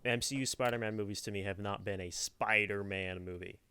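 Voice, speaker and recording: A man's voice: fairly low pitch, steady tone, a little fast, bright, forceful tone, smooth. A young man co-hosting a podcast, talking through his opinions at length in a casual chat. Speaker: podcast co-host.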